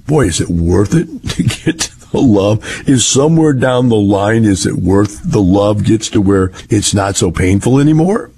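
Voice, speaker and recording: A man's voice: on the low side, animated, normal speed, gravelly, darkish tone, slightly rough. An older man, talking in a rambling, folksy monologue. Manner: rambling, folksy, repetitive phrasing. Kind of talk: casual monologue.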